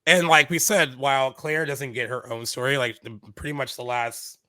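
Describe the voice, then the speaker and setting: A man's voice: medium pitch, moderate pace, no room sound. A man co-hosting a casual movie podcast, retelling scenes with lots of fillers and acted-out quotes. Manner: animated retelling, acts out lines in quoted voices. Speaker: podcast co-host.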